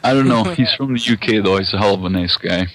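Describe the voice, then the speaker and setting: A man's voice: fairly low pitch, fast talker, a crowd in the background. A middle-aged man co-hosting a gaming podcast, giving short, laid-back, dry replies. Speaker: co-host.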